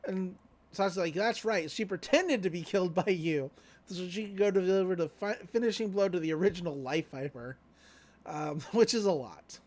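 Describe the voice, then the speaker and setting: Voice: medium pitch, moderate pace, darkish tone. A podcast co-host casually retelling an anime episode, laid-back and loose with lots of fillers and offhand paraphrased quotes. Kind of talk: casual recap chat.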